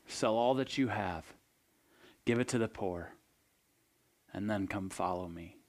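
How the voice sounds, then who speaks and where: A man voicing a calm male teacher who speaks in a quiet, gentle and grave manner. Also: lowish voice, unhurried, pitched below the performer's own voice, natural voice.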